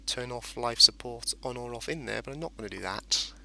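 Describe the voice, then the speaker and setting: A man's voice: medium pitch, a little fast, vocal fry, bright, forceful tone, a little hiss or hum. A man casually commentating a space game as he plays, rambling and explaining each step. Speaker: gameplay commentator. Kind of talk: casual let's-play commentary.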